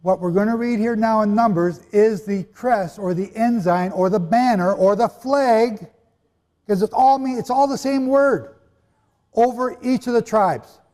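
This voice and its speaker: A high-voiced, slightly mellow Bible teacher speaks at a measured pace in a hall full of listeners, his words trailing a long echo. His sermon-style talk is emphatic, rich in rhetorical questions and joking asides.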